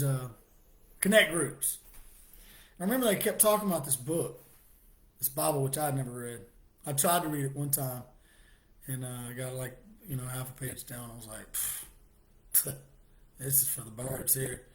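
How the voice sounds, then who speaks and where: Speaking in a voice that's a little high, a middle-aged man shares his personal story haltingly, often starting sentences over. Soft laughs slip out from time to time.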